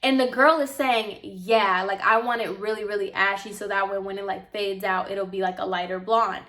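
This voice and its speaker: A young woman vlogger and apprentice hairstylist telling a casual story, talking fast and loose with lots of "like", sounding exasperated. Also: mid-range voice, steady tone, a bit bright. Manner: chatty, exasperated, heavy use of "like".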